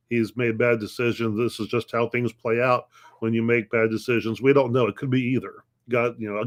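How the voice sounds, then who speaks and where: A middle-aged man pastor teaching a conversational Bible lesson, posing questions and answering them, often restarting phrases. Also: medium pitch. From United States.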